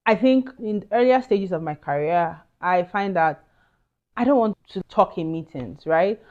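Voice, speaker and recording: A woman's voice: fairly low pitch, expressive, moderate pace, darkish tone, dull audio. A woman with a Nigerian accent giving career advice in a casual, earnest and emphatic chat with asides. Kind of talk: casual advice talk to camera.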